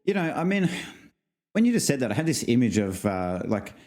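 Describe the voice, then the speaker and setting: A podcast co-host rambles through stories in casual conversation, laughing often and leaning on fillers. His voice is medium-pitched and brisk, with a darkish tone and big swings in pitch.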